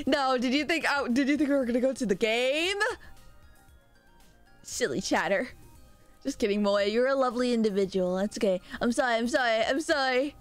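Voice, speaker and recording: A young woman from Mexico streaming and chatting loosely with viewers, loud and rambling, often laughing at herself. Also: fairly high pitch, faint music behind. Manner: loud, rambling, self-mocking, quick laughs. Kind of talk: casual live-stream chat with viewers.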